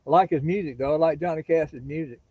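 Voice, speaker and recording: This livestream host speaks fast in a fairly high, slightly rough voice, over dull audio. He's a middle-aged man from the Florida Gulf Coast with a Southern drawl, chatting relaxed and folksy with his viewers from a phone outdoors near a pasture.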